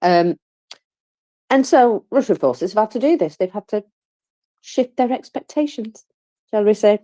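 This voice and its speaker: A woman's voice: mid-range voice, lively intonation, unhurried, mellow. A tired, yawning woman gives casual live commentary on a war, chatty and informal, with many fillers and wry, self-mocking asides.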